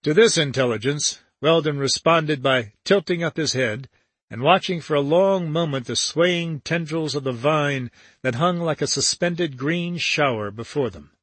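A man reading a novel aloud as an audiobook narrator, steady and even. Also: on the high side, unhurried, slightly rough, no room sound.

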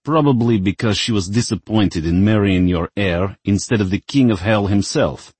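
A man voicing a crotchety old male wizard who is demanding and quick to complain. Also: on the low side, a little mellow, breathy edge, no room sound. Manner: snappish, demanding.

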